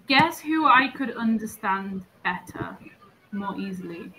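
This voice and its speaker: A woman's voice: medium pitch, lively intonation, slow, sharp tone, slight background noise, rough recording. A young woman from northern England with a neutral English accent, chatting casually as an English tutor on a video call and laughing often.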